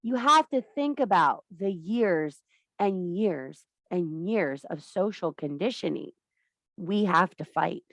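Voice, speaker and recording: A woman's voice: on the low side, animated, slow pace, dry recording. A woman giving an impassioned, blunt and profane talk to a women's circle as a spiritual teacher. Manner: blunt, profane, emphatic preaching.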